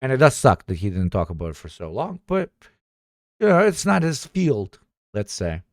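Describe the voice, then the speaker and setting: A man's voice: medium pitch, moderate pace, dry recording, clean studio sound. A man streaming reaction commentary, swearing freely, laughing often, and pressing his points with energy. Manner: profane, animated, laughs a lot.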